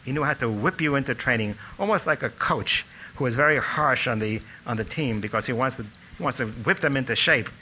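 An older man telling animated stories about a teacher from his student days. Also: medium pitch, brisk, slight background noise, low-quality recording. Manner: animated storytelling, acting out quotes. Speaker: speaker recalling a teacher. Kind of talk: anecdotal reminiscence.

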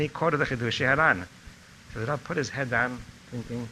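An older man telling animated stories about a teacher from his student days. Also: mid-range voice, fairly quick, slight background noise, low-quality recording. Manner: animated storytelling, acting out quotes. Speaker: speaker recalling a teacher. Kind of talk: anecdotal reminiscence.

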